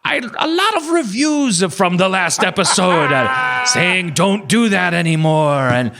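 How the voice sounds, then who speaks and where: A man's voice: sits high, big pitch swings, measured pace, creaky, a loud crowd, pitched above the performer's own voice, heavily acted. A man voicing a chipper Norwegian male true-crime podcast host in a put-on Norwegian accent, sing-song and drawn out. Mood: cheerful. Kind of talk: comedic impression on a podcast.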